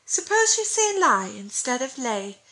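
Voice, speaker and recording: A woman voicing a gentle, kindly motherly schoolmistress in a storybook reading. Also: high-pitched, sing-song, unhurried, voice pushed up, heavily acted. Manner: gentle, warm instruction.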